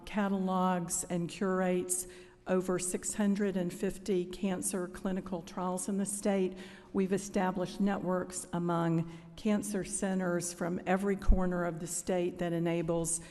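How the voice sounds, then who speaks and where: A middle-aged woman giving formal budget testimony to lawmakers as a cancer network representative, measured and polite, with frequent "um" pauses. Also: on the low side, warm tone. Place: legislative hearing room. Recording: hearing room with long reverb.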